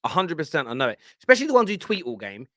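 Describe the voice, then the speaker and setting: A man in his forties with a London accent, hosting a football fan show with animated, blunt banter. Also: on the high side, rapid-fire, dry recording, clean studio sound. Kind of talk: live chat show rant.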